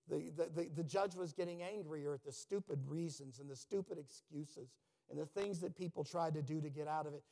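A middle-aged man preaching a sermon, telling a personal story and swinging from loud, booming lines to hushed, near-whispered ones. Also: creaky. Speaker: pastor.

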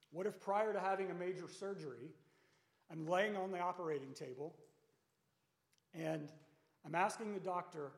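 A man preaching a sermon to his congregation in a conversational way, asking rhetorical questions. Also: sits high. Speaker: pastor. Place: church sanctuary. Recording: echoey church sanctuary with long reverb.

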